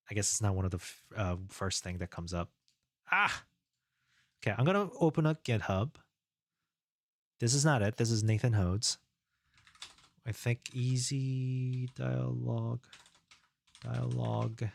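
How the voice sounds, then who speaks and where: A man streaming live as a game developer, thinking aloud in a relaxed, rambling way as he works and chats. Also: fairly low pitch, creaky, no room sound. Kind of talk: casual live-coding stream.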